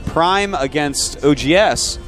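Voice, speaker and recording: A man's voice: a little high, slow, fairly bright tone, soft background music. A man casting a live video game match, bantering playfully with his co-host. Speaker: esports caster.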